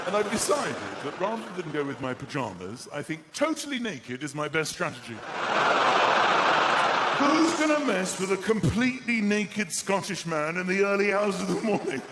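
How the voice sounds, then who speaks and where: Stand-up, lively swooping delivery, slightly high voice; loud live venue noise. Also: male voice, moderate pace. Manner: animated, self-mocking storytelling. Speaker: stand-up comedian. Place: comedy stage before an audience.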